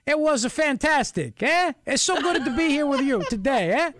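A man's voice: extremely high pitch, expressive, normal speed, a bit bright, no room sound, clean studio sound, voice pushed up. A man putting on a hammy Italian gusher. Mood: gushing. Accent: exaggerated Italian. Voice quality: singsong, ends lines with "eh?". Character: hammy Italian man gushing over food.

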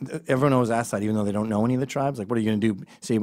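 A man telling a rambling comic story in a profane style, with deadpan asides. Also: on the low side, very fast. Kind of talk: comedic storytelling monologue.

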